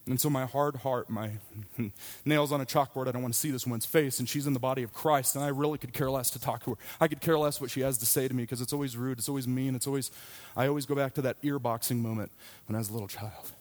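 A man's voice: medium pitch, fairly even intonation, quick pace. A man in his thirties, a pastor, preaching a sermon in a candid, conversational storytelling way. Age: 30s.

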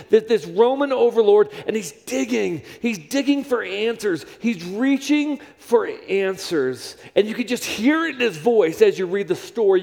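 A man's voice: high voice, vocal fry, a little mellow. A man preaching a sermon in a church, repeating his phrases for emphasis. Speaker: pastor. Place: church sanctuary. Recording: long reverb of a large hall.

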